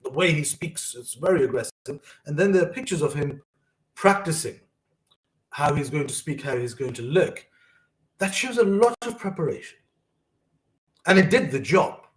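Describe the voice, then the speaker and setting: A man's voice: on the high side, lively intonation, normal speed, pauses often, roomy sound, low-quality recording. A young man hosting a personal monologue, telling earnest, emotional stories about his upbringing. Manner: earnest, emotional storytelling with quoted asides. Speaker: host.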